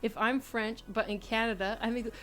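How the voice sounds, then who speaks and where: A woman's voice: a little high, fairly even intonation, normal speed, a bit bright. A woman, live-streaming and chatting casually, reading chat messages aloud and laughing often. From United States. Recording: faint music behind.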